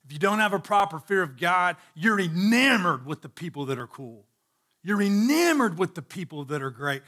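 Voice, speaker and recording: A male pastor delivering a sermon in a high, bright voice. He stresses his points by repeating phrases and turns to speak straight to the people in the pews. His delivery is emphatic and earnest. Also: very animated, moderate pace. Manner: addresses the congregation directly.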